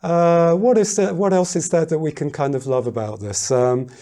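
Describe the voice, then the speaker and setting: A man teaching a piano lesson in a casual, thoughtful way, pausing often and humming rhythms aloud. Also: a little high. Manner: thoughtful, hesitant, sings and counts rhythms aloud. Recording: loud piano playing behind the voice.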